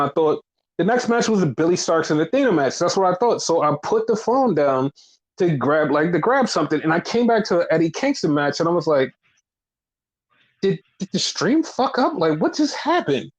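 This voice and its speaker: A man's voice: on the high side, low-quality recording. A man chatting casually on a wrestling podcast, rambling, swearing often and acting out his own reactions. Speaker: podcast co-host.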